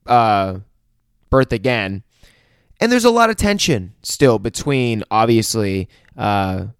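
A man's voice: mid-range voice, clear, resonant tone, dry recording, studio quality. Profane, rambling man recapping a show. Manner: profane, rambling, animated retelling with quoted dialogue. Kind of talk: casual TV episode recap.

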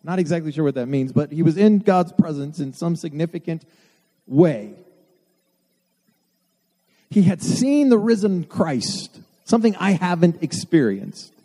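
A man's voice: on the high side, animated, measured pace, warm tone. A man preaching a sermon to his church, earnest with self-deprecating asides. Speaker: pastor. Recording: long hall reverb.

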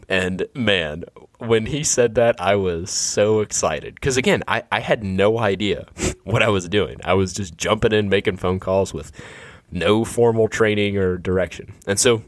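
A man's voice: fairly low pitch, unhurried, no room sound, clean studio sound. A man in his thirties, a nonprofit fundraiser, telling a story in a conversational, self-deprecating way. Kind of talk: anecdotal storytelling.

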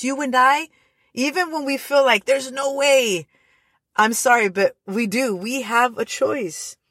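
A woman's voice: fairly high pitch, no echo. A woman hosting a faith-based motivational podcast, speaking earnestly with frequent restarts and repeated phrases. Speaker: podcast host.

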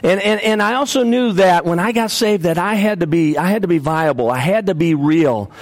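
A man's voice: high-pitched, brisk. A man preaching a sermon, telling personal stories earnestly and often repeating and restarting his words.

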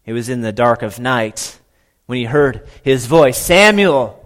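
Male pastor preaching, dramatic storytelling, goes loud then hushed, mid-pitch voice. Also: fairly even intonation, measured pace. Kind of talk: sermon.

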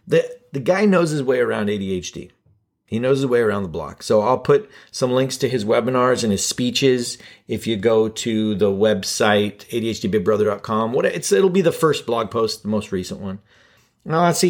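A man's voice: medium pitch, expressive, normal speed. A man hosting a podcast alone, talking in a casual, rambling and self-deprecating joking way. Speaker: podcast host. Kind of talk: casual solo podcast monologue.

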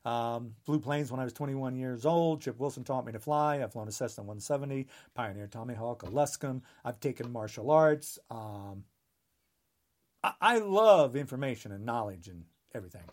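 A man's voice: mid-range voice, expressive, moderate pace. Heated rambling man in his sixties. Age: 60s. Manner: rambling, heated, emphatic with restarts. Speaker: podcast guest. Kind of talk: impassioned podcast monologue.

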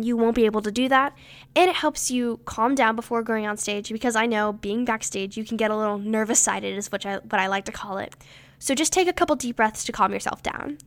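Upbeat teenage girl giving pageant tips. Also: a little high. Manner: upbeat, instructive, emphatic on dos and don'ts. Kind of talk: scripted advice talk.

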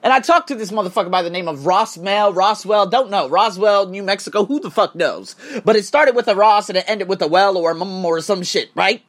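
A man vents in a loose, profanity-laced monologue, his pitch swinging widely as he works himself up. He talks like a self-made course instructor and coach telling his audience exactly what annoyed him. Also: a little fast, few pauses. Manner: profane, heated, animated ranting. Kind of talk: casual ranting monologue. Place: Thailand.

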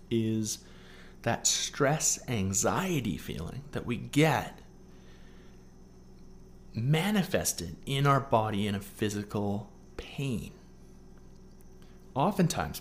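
A man with a somewhat low voice hosts a solo coaching podcast, walking listeners through a writing exercise. He checks in often with "okay?" and mixes earnest teaching with playful asides. A faint background hiss sits under the recording. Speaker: podcast host.

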